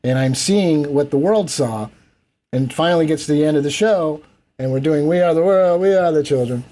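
Male guest, middle-aged or older, mellow tone, animated storyteller who acts out quotes. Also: a little high, moderate pace. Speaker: interview guest, event producer. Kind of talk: storytelling in casual interview.

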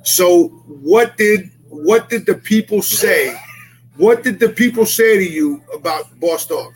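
A man with a high-pitched voice co-hosting a rowdy group chat, swearing freely and acting out the people in his stories. A faint background noise sits under his voice. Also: animated, slow, poor audio. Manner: boisterous, profane storyteller acting out dialogue. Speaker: podcast co-host.

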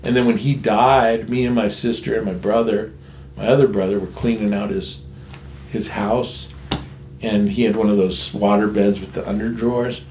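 A man's voice: on the low side, fairly even intonation, normal speed, a little mellow, a little hiss or hum. A man in recovery candidly telling a family story in a frank, blunt way, swearing freely. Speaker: guest sharing recovery story. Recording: echoey room, faint ambience.

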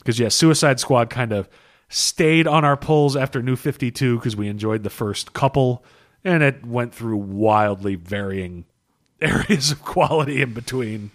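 Man, podcast co-host, medium pitch, rambling, profane, tired, laughing. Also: unhurried. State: tired after a long session. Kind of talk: casual comic book podcast chat.

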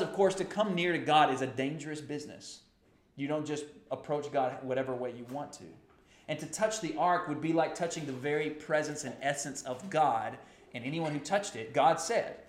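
Man, pastor, sermon, mid-pitched voice, impassioned, echoey room. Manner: animated, rising to impassioned outbursts.

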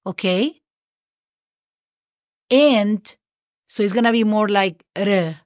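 Woman, friendly language teacher, dry close sound, medium pitch. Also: takes it slowly, darkish tone, dry recording. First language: Spanish. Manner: chatty, checks in with "okay?" often. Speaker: Spanish teacher. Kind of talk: podcast language lesson.

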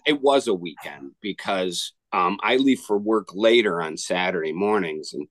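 Lively-voiced man telling a story. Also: deep voice, normal speed, dry recording. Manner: rambling storyteller, many restarts. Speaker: podcast co-host. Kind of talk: casual podcast chat.

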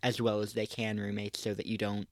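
A young man, a college student about to start school, co-hosting a podcast in relaxed casual chat. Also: fairly low pitch, fairly quick, no room sound. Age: young adult. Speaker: co-host.

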